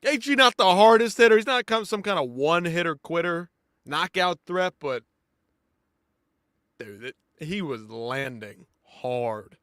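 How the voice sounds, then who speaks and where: A man with a high voice hosts a live post-fight show, talking to viewers in animated, chatty commentary at an unhurried pace. He swings between loud outbursts and quiet asides, and the studio-quality recording has no room sound.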